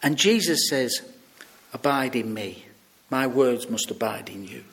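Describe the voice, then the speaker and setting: A British man preaches a sermon in a medium-pitched, gravelly voice at an unhurried pace. He tells stories in a lively way, acting out the voices of the people he quotes.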